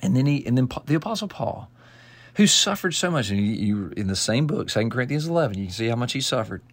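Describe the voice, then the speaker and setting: A man's voice: medium pitch, animated, fast, dry recording. A man giving devotional Bible teaching, earnest and emphatic, quoting scripture and often restarting phrases. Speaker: pastor.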